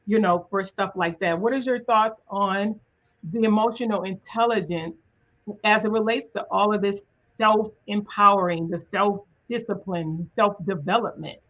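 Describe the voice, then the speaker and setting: Woman, podcast host, earnest and thoughtful, mid pitch, muffled lo-fi recording. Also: normal speed, fairly bright tone. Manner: earnest, thoughtful, faith-minded. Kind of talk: conversational interview.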